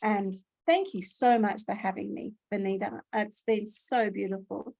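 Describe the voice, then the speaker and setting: A woman, a podcast guest and spiritual healer, guiding listeners through a meditation in a soft, soothing way. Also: medium pitch, fairly even intonation, a little slow, vocal fry, no echo. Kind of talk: guided meditation.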